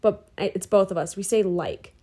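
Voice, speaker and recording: A woman's voice: mid-range voice, normal speed, mellow, husky. A woman co-hosting a podcast in casual chat, very talkative, often cutting in and saying "like". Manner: talkative, cuts in, says "like" often. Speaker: podcast co-host.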